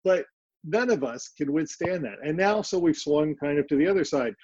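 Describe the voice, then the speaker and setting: A man's voice: fairly high pitch, expressive, normal speed, a little mellow, slightly rough, no room sound, lo-fi sound. A man from East Texas with a Texan accent, presenting on a video call in a conversational, storytelling way. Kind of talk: webinar presentation.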